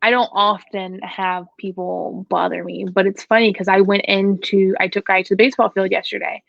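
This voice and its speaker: A woman dog trainer talks through a casual Q&A in a frank, joking way. Her voice is gravelly. The recording is dry and a little dull, with a lo-fi edge. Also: medium pitch, flat delivery, moderate pace, fairly bright tone, no echo. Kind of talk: casual Q&A chat.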